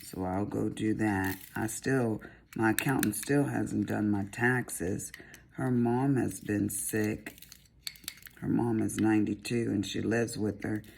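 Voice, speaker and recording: A middle-aged woman with a Southern American accent chats casually while diamond painting, rambling in a folksy way as a crafting vlogger. Her voice is a rumbling low, steady, slow, and gravelly, somewhat mellow, with a faint hiss or hum.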